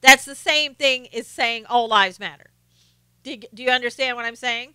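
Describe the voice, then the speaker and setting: A woman hosts her own live stream, talking through her opinions in a casual way and stopping to greet viewers from the chat. Her voice is bright and crisp, sitting a little high. The sound is close and dry, with no room echo. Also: normal speed. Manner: opinionated, greets viewers by name, frequent fillers and restarts. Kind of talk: casual political commentary.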